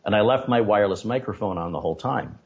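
A man, a tech streamer, recounting a story as an interview guest, in an animated and indignant way. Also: fairly low pitch, fast talker, gravelly. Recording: dull lo-fi audio.

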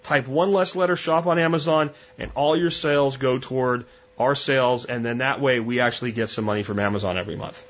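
A podcast host delivers a casual monologue in a blunt, conversational style, often restarting his sentences. His mid-range voice moves fairly quickly, and the audio sounds dull.

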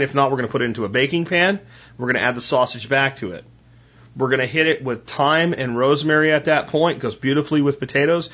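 A man's voice: medium pitch, fairly bright tone, muffled recording. A man talking casually about home cooking, folksy and rambling, speaking straight to his listeners.

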